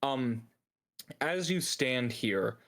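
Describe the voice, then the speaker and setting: A man's voice: mid-range voice, animated, extremely slow, a bit bright. A man acting as game master, narrating a tabletop game and working through rules on the fly with frequent laughs.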